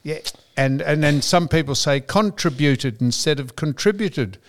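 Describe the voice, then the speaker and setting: A man, hosting a chatty podcast and rambling through shout-outs and digressions. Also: fairly high pitch, normal speed. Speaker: podcast host. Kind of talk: casual banter podcast.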